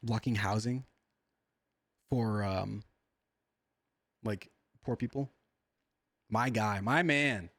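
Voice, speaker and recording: Brief: man streamer, dry close sound, excitable slang-heavy reaction chat. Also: fairly low pitch, slow, pauses often, no echo. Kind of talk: livestream reaction commentary.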